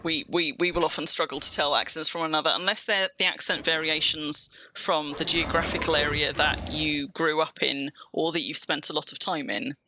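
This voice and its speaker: A woman's voice: low-pitched, fairly even intonation, background noise. Chatty English woman, faint Kentish twang. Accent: near-standard English with slight Kentish twang. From England. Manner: chatty, rambling, quick to laugh at herself. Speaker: game streamer. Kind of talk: casual live-stream gameplay chat.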